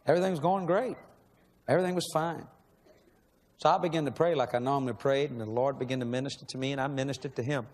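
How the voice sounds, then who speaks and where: A man's voice: mid-range voice, fast, darkish tone. A man preaching a sermon in a large church, emotional and pleading, asking the same questions again and again. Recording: long echo of a large hall.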